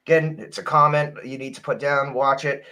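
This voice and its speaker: A man's voice: medium pitch, flat delivery, a little fast, pushed and bright. A man co-hosting a casual livestream, giving upbeat plugs for merchandise and giveaways. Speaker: co-host.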